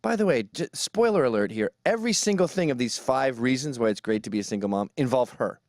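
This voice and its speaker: A man's voice: mid-range voice, animated, quick pace, a little mellow, no room sound. A man giving a sarcastic, ranting comedic commentary, mocking as he goes. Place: New York.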